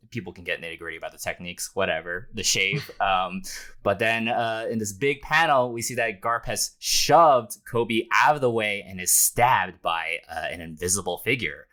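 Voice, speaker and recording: A man co-hosting a podcast, recapping a manga chapter casually, laughing often and acting out the characters' lines. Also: deep voice. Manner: animated, laughs often, acts out panel dialogue. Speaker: podcast co-host.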